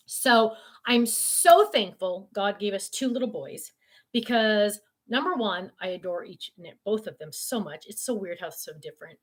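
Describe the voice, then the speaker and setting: A woman's voice: a little high, lively intonation, moderate pace, sharp tone. Chatty older woman on a livestream. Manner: chatty, rambling, with many fillers and restarts. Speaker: live-stream host. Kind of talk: casual live chat reading viewer comments. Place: at home.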